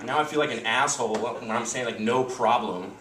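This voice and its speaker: A man's voice: medium pitch, fast, a loud crowd. A young man doing a stand-up routine in a small comedy club, conversational and rambling, full of "like" and "you know". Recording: roomy club sound, voice a bit far from the mic, audience laughter. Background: audience laughter.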